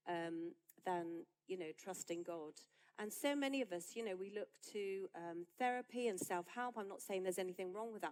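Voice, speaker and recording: A woman pastor, preaching a sermon in a conversational, lively way that builds to emphatic peaks. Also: medium pitch, poor audio.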